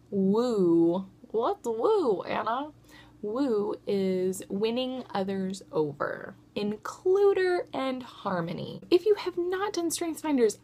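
A woman in her thirties chatting casually to camera as a mother vlogger, self-deprecating and at times dropping to a soft whisper. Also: on the high side, vocal fry, breathy edge.

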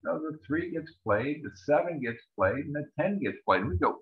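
A man's voice: a little high, expressive, moderate pace, phone-quality sound. A man teaching a card-game lesson as he walks through a hand on screen, chatting and acting out what the players think. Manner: chatty, acts out players' thoughts in little voices. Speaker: bridge teacher. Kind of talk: screen-share lesson walkthrough.

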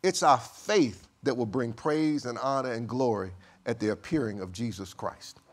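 A male pastor delivers a sermon, reading scripture in a measured cadence and alternating between quiet, low passages and loud, high bursts.

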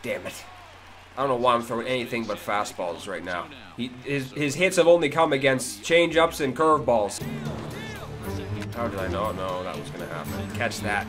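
A man hosting his own gaming video, giving live commentary with excitable, swearing outbursts that swing between low mutters and sudden yelps. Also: normal speed. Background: game music.

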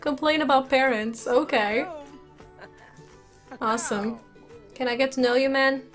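A gaming YouTuber with a high-pitched, steady voice gives unhurried let's play commentary on a life sim game. She's chatty, giggles often and reacts aloud into a desk USB microphone, with faint music in the background.

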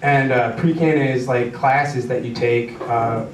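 A man's voice: mid-range voice, steady tone, measured pace. A young man doing a rambling, self-deprecating stand-up routine with many stumbling restarts. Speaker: stand-up comedian. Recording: roomy club sound from far off, audience noise.

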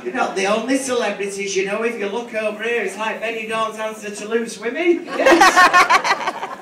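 Speaking at normal speed in a high male voice, this Mancunian drag queen comedian from Manchester, England, performs crude, teasing stand-up and banter for a live crowd in a big bar. Crowd noise fills an echoey, distant room recording.

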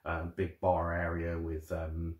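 A man's voice: low-pitched, monotone, slow, a little mellow. A man co-hosting a travel vlog in casual chat. He talks in a laid-back way and slips in dry jokes. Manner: laid-back and dryly joking. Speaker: travel vlogger co-host. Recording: roomy echo with faint music behind.

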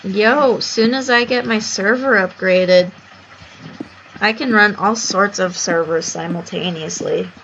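A woman's voice: medium pitch, slow, fairly bright tone, muffled recording, a little hiss or hum. A woman playing a video game, chatting casually with a playful, teasing manner. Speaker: gamer. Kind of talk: casual gaming chat.

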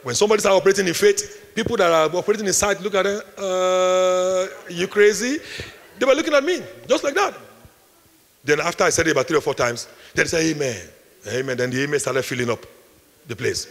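A man with a Nigerian accent preaching a sermon, repeating his lines with force and building up to shouts. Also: sits high, big pitch swings, fast talker, creaky. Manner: preaching with emphatic repetition, rising to shouts. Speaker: pastor. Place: large hall at a retreat. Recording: echoey hall, long reverb.

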